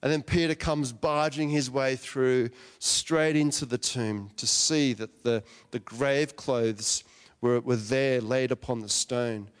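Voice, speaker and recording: A man's voice: medium pitch, fairly even intonation, takes it slowly, smooth. A man giving a conversational sermon, retelling a story and asking his listeners questions. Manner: chatty, asks the listeners questions. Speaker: preacher. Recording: long hall reverb.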